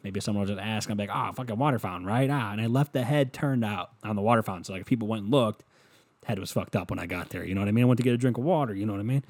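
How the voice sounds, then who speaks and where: A man's voice: lowish voice, rapid-fire, darkish tone. A young man from Ohio telling a long, rambling, profane story about his school days in a casual monologue. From Ohio, USA. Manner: profane, rambling, self-mocking.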